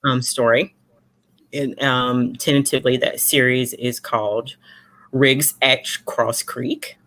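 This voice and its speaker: A woman's voice: extremely low pitch, takes it slowly. A woman in her forties, a romance author chatting as an interview guest, telling stories and acting out the voices of others over a video call. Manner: animated storyteller, acts out voices of others. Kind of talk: casual interview chat.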